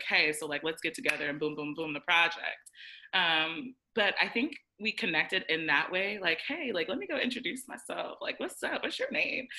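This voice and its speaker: A young woman co-hosting a podcast, telling a story in casual chat, animated and acting out quoted lines with many fillers. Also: on the low side, poor audio. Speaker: podcast co-host.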